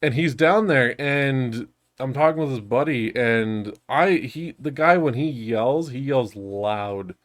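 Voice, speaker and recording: A man's voice: mid-range voice, takes it slowly. A young man co-hosting a podcast, telling stories in casual chat, laughing often and swearing a lot. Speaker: podcast co-host.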